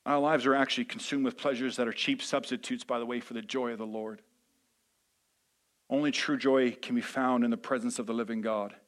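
A man preaching a sermon as a pastor, conversational with many fillers, swinging from hushed asides to loud, emphatic peaks. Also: mid-range voice, fairly even intonation, brisk.

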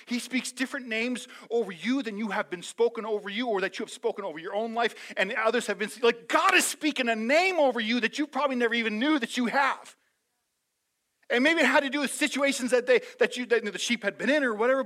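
A man preaching to his congregation in a high, bright voice. He surges into loud, fervent declarations, then drops to soft, chatty asides with easy humor. The delivery is energetic and personal, like a pastor talking straight to his people. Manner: energetic, swings from loud fervor to soft intimate asides, joking. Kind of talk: sermon.

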